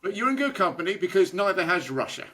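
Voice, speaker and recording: A man's voice: high voice, big pitch swings, quick pace, bright, forceful tone, a little hiss or hum. A British man co-hosting a podcast, speaking in a dry, wry way and chuckling as he talks. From United Kingdom. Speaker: podcast co-host. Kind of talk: casual political comedy chat.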